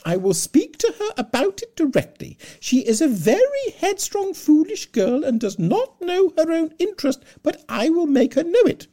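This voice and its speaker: A woman voicing an excitable, flustered middle-aged mother who pleads in a high, loud voice. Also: normal speed, hardly any pauses. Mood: frantic.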